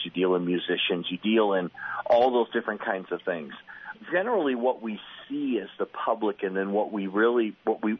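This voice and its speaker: A husky, fairly low-voiced man spins stories in an easygoing radio chat, jumping into the voices of the people he quotes. The sound is narrow and phone-like, like an old broadcast line. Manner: animated storyteller, acts out quotes with laughs. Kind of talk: conversational radio chat, storytelling.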